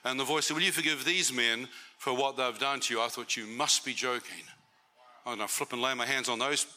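A man's voice: mid-range voice, brisk, sharp tone, slight background noise. A man giving a testimony sermon to a church meeting, conversational and often asking the audience questions.

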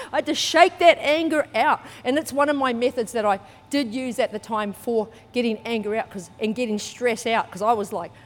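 A woman preaches in a lively, storytelling way, acting out what people said. Her voice sits a little high. It rings with the long reverb of a large hall. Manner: lively storytelling, acts out quotes, laughs often. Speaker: church speaker. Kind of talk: sermon with personal story.

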